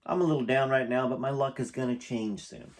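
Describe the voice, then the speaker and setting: A man's voice: medium pitch, fairly quick, pitched above the performer's own voice, close to an everyday voice. A man reading the lines of an earnest, grateful man who is down on his luck.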